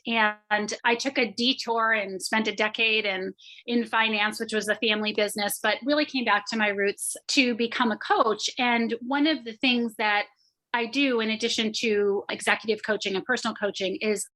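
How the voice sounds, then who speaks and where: A woman coach and former psychotherapist answering interview questions articulately and quickly. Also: fairly high pitch, bright, forceful tone, low-quality recording.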